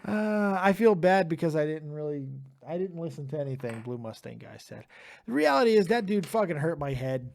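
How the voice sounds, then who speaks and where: Young man, streamer host, tired, profane, ranting, fairly high voice. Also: expressive, brisk, creaky, darkish tone. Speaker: streamer host taking live callers. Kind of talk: profane live-stream rant.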